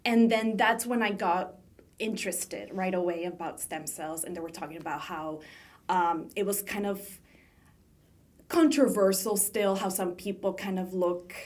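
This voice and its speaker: A woman's voice: medium pitch, a little slow. Hesitant young woman from south Texas. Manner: hesitant, many fillers and restarts. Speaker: guest, graduate student. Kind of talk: casual interview answers.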